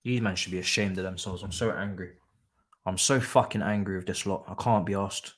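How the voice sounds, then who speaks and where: A man's voice: low-pitched, fairly even intonation, fairly quick. A man with hosting a live football watchalong, angry and swearing in a repetitive rant.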